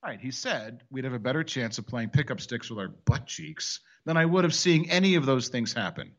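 A man's voice: mid-range voice, expressive, normal speed, muffled recording. A man hosting a casual sports talk show, wisecracking and rambling with frequent restarts.

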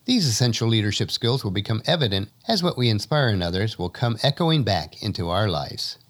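Earnest man narrating with lively pitch. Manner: earnest, measured, motivational delivery. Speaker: podcast host. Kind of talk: scripted inspirational podcast narration. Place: home studio.

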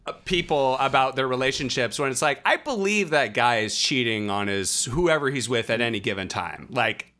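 A young man on a podcast, sardonic as he riffs with lively energy. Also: mid-range voice, normal speed. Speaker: podcast co-host. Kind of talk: casual chat.

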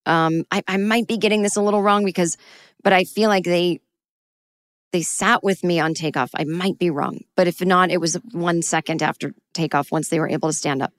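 A middle-aged woman tells a personal story with a slightly low voice. She acts out her past panic in sudden high, pleading bursts. The recording is dry and close, with no room sound. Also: fairly even intonation, brisk, no room sound.

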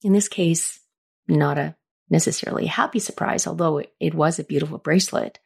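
A woman's voice: deep voice, a little fast, gravelly, a little mellow, slightly rough. A middle-aged woman hosting a podcast, telling personal stories in a chatty, reflective way. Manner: chatty, reflective, acts out quoted lines with a raised voice. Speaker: podcast host. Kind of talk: casual personal storytelling.

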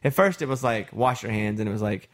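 A man's voice: lowish voice, quick pace. A man chatting casually about writing children's songs, telling stories and mimicking how singers sounded. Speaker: songwriter presenting his kids' album. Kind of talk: casual chat.

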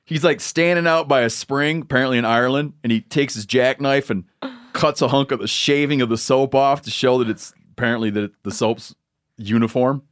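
A man hosting a podcast, telling a rambling story in casual, joking chat. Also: medium pitch. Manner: storytelling, joking, drawn-out asides. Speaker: podcast host.

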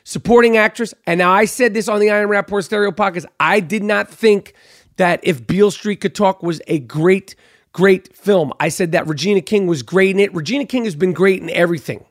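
A man's voice: sits high, brisk, no echo, clean studio sound. A man giving blunt, brash award predictions in a casual monologue, full of fillers and emphatic repeats.

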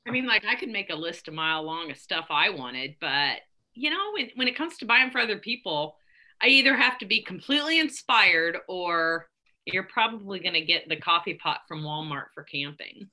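A woman co-host talks frankly and jokes in a bright, lively voice that moves up and down a lot. She keeps the conversation going with follow-up questions. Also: lowish voice, moderate pace. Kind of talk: casual chat.

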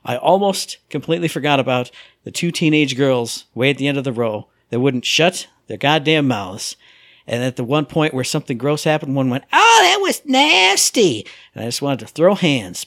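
A podcast co-host tells stories in a casual chat, animated and acting out his own inner voice. His mid-range voice moves a little fast, captured as a dry recording with clean studio sound.

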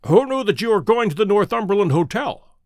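A man voicing a keen, self-assured detective who speaks crisply and precisely, in a dry close recording. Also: high voice, very animated, a little fast, a little mellow, no room sound, pitched above the performer's own voice. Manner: crisp, precise and pleased with himself.

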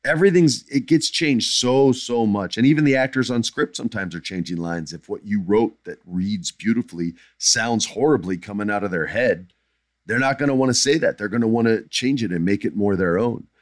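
A man's voice: lowish voice, moderate pace, dry recording, clean studio sound. A middle-aged man hosting a podcast, answering listener questions in blunt, emphatic casual chat that drifts into jokes.

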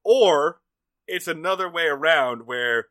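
A man's voice: on the high side, a little slow, bright, forceful tone, no room sound. A man co-hosting a casual podcast, recapping a TV episode with jokes, swearing and sarcastic asides. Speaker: podcast co-host.

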